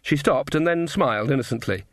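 A man narrating a fantasy novel with wry, measured storytelling. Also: a little high, lively intonation, no room sound, studio quality. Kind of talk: audiobook narration.

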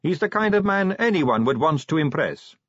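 A man's voice: a little high, very animated, moderate pace, no echo, pitched above the performer's own voice. A man voicing a cheeky, teasing young female vampire constable in a chatty, breezy manner. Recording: dull lo-fi recording.

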